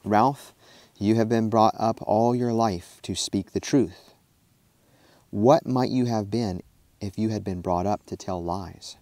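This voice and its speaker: A man voicing a gentle frontier mother. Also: on the low side, slow pace, no room sound. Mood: earnest. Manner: kind, calm and earnest. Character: gentle truthful frontier mother, adult woman.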